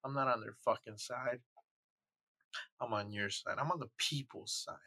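A man's voice: mid-range voice, normal speed, pushed and bright, dry recording. A man hosting a podcast, reading news aloud and breaking into heated, profane rants. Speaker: podcast host. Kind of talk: angry commentary.

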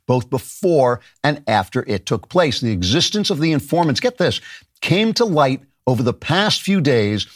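Brief: male show host, sardonic comic monologue, pitch bouncing all over, dry close mic. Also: dry recording. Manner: sardonic, mocking, laughs at his own jokes; animated, shouts mock voices of others. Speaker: political commentator and show host.

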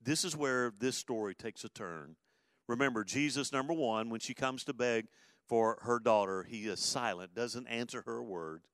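Animated preaching man, dry close sound. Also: mid-range voice, normal speed, no room sound. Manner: animated preaching with sudden loud emphatic bursts and laughter. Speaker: pastor. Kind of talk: sermon.

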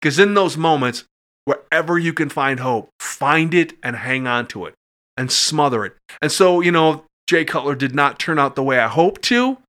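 Middle-aged male guest, bright tone, sits a bit high, animated storyteller. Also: normal speed. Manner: animated, acts out voices when excited. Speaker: podcast guest. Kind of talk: casual storytelling.

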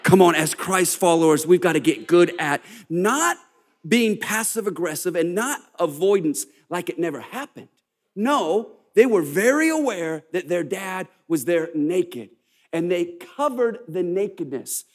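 High-voiced American preacher, unhurried. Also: male voice, animated. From United States. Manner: impassioned preaching that builds to shouting, with call-and-response. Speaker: pastor. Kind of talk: sermon. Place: church before a live congregation.

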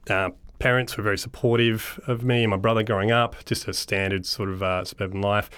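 A man with an Australian accent speaks in a fairly low voice as a guest in a casual interview. He tells his story in an easygoing, reflective way and laughs often. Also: fairly even intonation, a little fast, a bit bright, clear, resonant tone. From Melbourne, Australia. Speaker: guest, charity founder.

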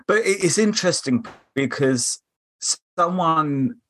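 A man's voice: on the high side, lively intonation, takes it slowly, a bit bright, slight background noise. A man from England with a South London accent, a podcast guest chatting and telling stories with quoted voices. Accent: South London English. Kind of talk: casual chat.

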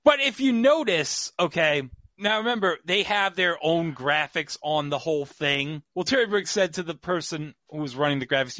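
A man's voice: a little high, lively intonation, normal speed, hardly any pauses, sharp tone, no room sound. A man hosting a podcast, telling a story in casual chat with lots of fillers. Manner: chatty storyteller, many fillers. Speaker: podcast host.

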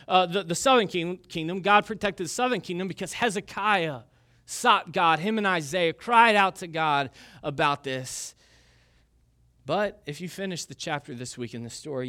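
With a high, pushed, bright voice, a man in his thirties preaches a relaxed sermon as a pastor. He shares personal stories in a conversational, self-deprecating way, his speech dotted with fillers.

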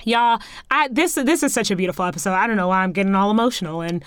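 Woman podcast host, chatty and encouraging, smooth clear voice, dry close mic. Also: medium pitch, fast talker, fairly bright tone, dry recording. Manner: earnest and encouraging, rising upbeat sign-off. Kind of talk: casual solo podcast talk.

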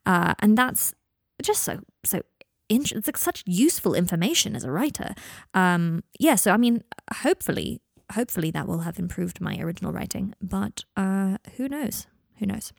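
A woman's voice: medium pitch, lively intonation, moderate pace, creaky, a little mellow, no echo, studio quality. A woman hosting a podcast, talking casually and reflectively about her writing with lots of fillers and self-deprecating asides. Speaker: podcast host and fan fiction writer.

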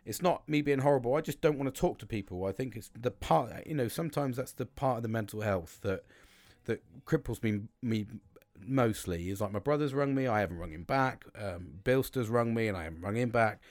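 A British man talks casually into his podcast mic, rambling, restarting and swearing freely as he tells a story. His voice sits at a middle pitch, and the recording is dry and close with no room sound. He talks at an easy, chatty pace. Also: lively intonation, a little fast, a little mellow, no echo. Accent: British English. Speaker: podcast host.

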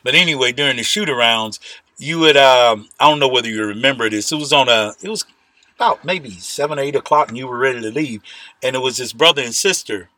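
A man's voice: medium pitch, fast talker, bright, forceful tone, no room sound. A man co-hosting a casual podcast, telling stories animatedly with lots of "yeah". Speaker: podcast co-host.

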